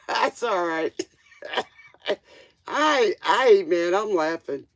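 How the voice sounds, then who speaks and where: A woman's voice: mid-range voice, lively intonation, very slow, no echo. A woman hosting a live tarot stream, chatting casually with viewers and laughing often.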